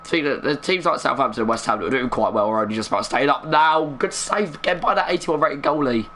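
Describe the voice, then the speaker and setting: A young man talks through a football video game match as he plays, keeping his voice low on purpose. His voice sits at an ordinary middle pitch, and he chats and mutters along between sudden bursts of excitement. A faint hum runs under the recording. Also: fast talker. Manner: chatty, muttering, bursts of excitement at big moments. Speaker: gaming streamer. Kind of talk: live gameplay commentary.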